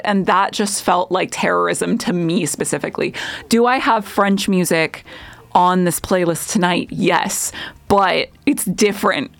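A woman's voice: on the low side, creaky, dry recording. Emphatic young woman ranting on radio. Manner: emphatic, sarcastic, repeats herself for effect, laughs often. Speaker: radio show host. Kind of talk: casual opinion rant on a radio show.

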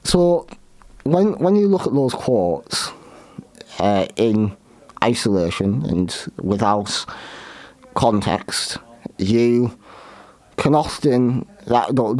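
A man hosting a show, talking through history in a halting way with many restarts and fillers. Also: on the low side, a little mellow. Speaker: podcast host. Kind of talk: unscripted history commentary.

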